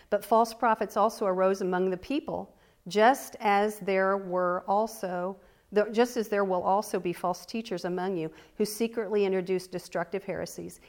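A woman teaching the Bible, reading scripture aloud slowly and deliberately, with earnest conversational asides. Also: medium pitch, darkish tone. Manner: reads slowly and deliberately, stressing key words.

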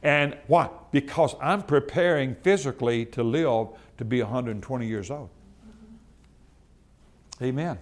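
A man preaching a sermon to a church, folksy and repetitive, building from calm teaching to loud, fervent preaching. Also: mid-range voice, a little slow, pauses often. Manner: folksy, repeats phrases for emphasis. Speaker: pastor.

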